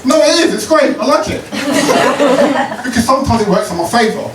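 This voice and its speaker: A cheeky stand-up comedian, his voice riding high and swinging widely as he works the crowd. The sound is roomy and a little distant, like a club stage recording with plenty of noise around him. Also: lively intonation, moderate pace. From Croydon, South London. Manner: cheeky, punchy, leads call-and-response. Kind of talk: stand-up routine with crowd work.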